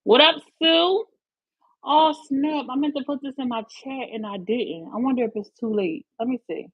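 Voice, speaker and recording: Philly woman on a live stream, high husky voice, dry close sound, hyped and chatty. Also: normal speed, no room sound, dull audio. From Philadelphia. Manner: chatty, greets viewers by name, emphatic slang. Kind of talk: casual live-stream chat.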